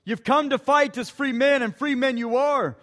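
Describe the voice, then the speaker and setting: Brief: man putting on a stirring rebel war leader, impassioned, higher-pitched. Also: normal speed, fairly bright tone. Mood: rallying. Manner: stirring, defiant battle speech. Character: rousing male Scottish rebel leader.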